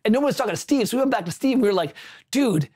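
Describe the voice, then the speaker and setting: A man's voice: extremely high pitch, animated, very fast, a little mellow. A man hosting a livestream, chatting casually, telling a rambling anecdote with self-corrections and answering viewers' chat.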